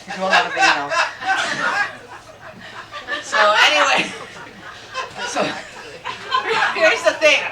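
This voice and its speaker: A middle-aged woman performing stand-up in a brash, crude way, her pitch leaping up and down as she rants. The sound is echoey and distant, with loud crowd noise in the background. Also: slow, vocal fry, pauses often. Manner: brash, crude and animated, rising to shouted rants. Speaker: stand-up comedian. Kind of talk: stand-up comedy set. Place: comedy club stage with audience.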